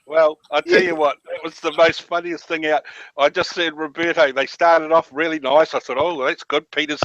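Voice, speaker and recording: A man's voice: a little high, flat delivery, moderate pace, fairly bright tone, dry recording. A man in a casual group chat, telling a story with laughing asides. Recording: slightly dull lo-fi audio.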